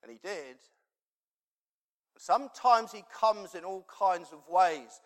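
A man's voice: high-pitched, takes it slowly, long pauses, fairly bright tone. A man preaching a sermon and telling a personal story in a conversational, rambling way, with many fillers. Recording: long reverb in a large hall.

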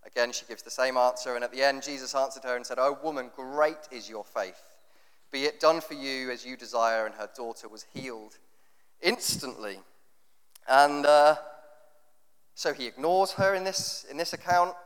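A man preaching a sermon, reading scripture and explaining it in a conversational, animated way. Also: mid-range voice, moderate pace, clear, resonant tone. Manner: conversational, animated with rhetorical questions. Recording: long reverb of a hall.

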